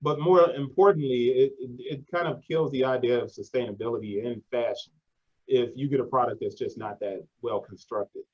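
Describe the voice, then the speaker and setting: A man's voice: medium pitch, normal speed. Slangy male host with a lo-fi sound. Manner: slangy and conversational, says 'yo' and 'man'. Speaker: podcast host. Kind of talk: casual interview.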